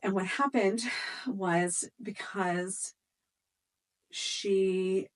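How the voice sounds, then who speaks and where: Young mom telling a story, a bit distant. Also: female voice, medium pitch, fairly even intonation, extremely slow. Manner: emotional, many "like" fillers and restarts. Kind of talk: personal storytelling vlog.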